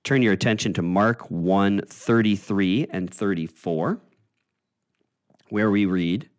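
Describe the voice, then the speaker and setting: His pitch is fairly low as he teaches a Bible study. He explains conversationally, with frequent "uh" pauses and restarted phrases.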